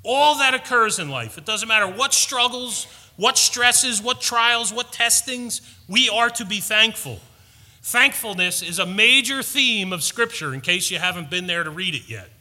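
A man's voice: sits high, animated, measured pace, sharp tone, in a large hall. A man preaching a sermon, earnest and storytelling, building to emphatic points. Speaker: pastor.

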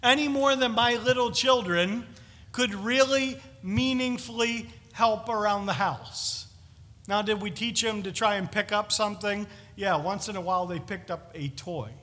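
A man preaching a sermon in a chapel, conversational and animated, with jokey asides. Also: high voice, normal speed. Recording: long reverb of a large chapel.

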